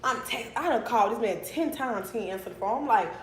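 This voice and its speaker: Blunt, animated young woman. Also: on the high side, quick pace, a little hiss or hum. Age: young adult. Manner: animated, blunt, swears often. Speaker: vlogger telling a storytime. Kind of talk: casual livestream storytime. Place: her apartment, indoors. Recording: echoey room.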